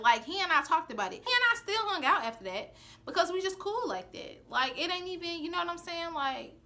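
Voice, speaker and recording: Young woman, high bright voice, sassy animated storytime vlogger who acts out the quotes. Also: slight background noise. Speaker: vlogger telling a personal story. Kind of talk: casual storytime chat.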